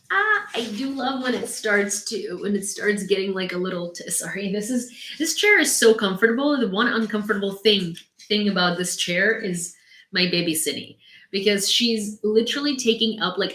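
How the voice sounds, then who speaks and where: A young woman with a Ukrainian accent chats casually on a live stream, laughing often. Her voice is bright and forceful. The room around her echoes. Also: mid-range voice. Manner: chatty, laughs often, talks to her dog. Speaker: host of a live news stream. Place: home room.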